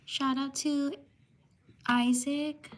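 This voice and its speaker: A woman hosting a live stream, slowly reading out shout-outs to viewers and taking care over their names. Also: high-pitched, little pitch movement.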